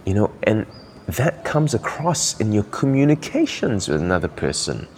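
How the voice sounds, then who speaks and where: A man's voice: on the low side, sing-song, normal speed, darkish tone, a little hiss or hum. A man from Malaysia hosting a podcast, giving earnest, encouraging coaching talk while thinking aloud. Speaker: podcast host.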